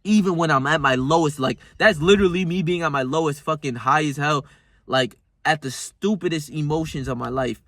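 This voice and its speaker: Rambling young man, voice a bit high. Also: a little fast, fairly bright tone, no echo, studio quality. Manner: rambling, emphatic and profane, calls the viewer "bro". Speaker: self-improvement vlogger. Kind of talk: casual motivational monologue.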